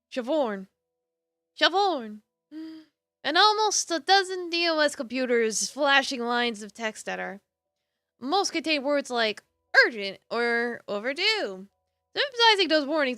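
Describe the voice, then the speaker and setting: A woman streamer reads a game's narration aloud to her chat, playful and quick to poke fun at herself. Her voice is fairly high and bright, recorded dry and close with a bit of music underneath. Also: no room sound. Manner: playful, self-mocking, laughs at her own voices. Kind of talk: reading a game aloud to a live stream. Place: home streaming setup.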